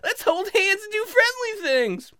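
A comedian voicing his own giddy, overly friendly male inner elf in a high, sing-song squeal. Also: sing-song, a little slow, bright, forceful tone, dry recording, clean studio sound, full character voice. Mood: gushing. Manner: gushing, high-pitched, childlike cheer. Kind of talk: stand-up comedy character voice.

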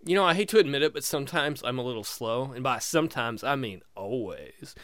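A man's voice: mid-range voice, lively intonation, fairly quick, fairly bright tone, no echo. A young man doing improvised stand-up comedy alone, rambling and self-mocking, laughing at his own jokes. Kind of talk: improvised solo stand-up without audience.

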